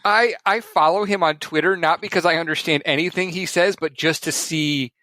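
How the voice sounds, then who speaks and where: Animated man chatting on a podcast. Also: fairly high pitch, normal speed, dry recording. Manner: animated storyteller, laughs often. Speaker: podcast co-host. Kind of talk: casual chat.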